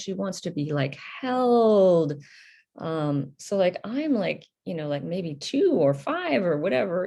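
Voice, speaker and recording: A woman hosting a podcast, talking through personal reflections in a soft, halting, introspective way with many fillers and restarts. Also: medium pitch. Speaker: podcast host.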